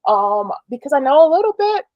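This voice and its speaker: A woman's voice: high voice, very animated, fairly quick, dry recording, lo-fi sound. A woman interviewing a guest in a casual, chatty way, asking questions with many hedges.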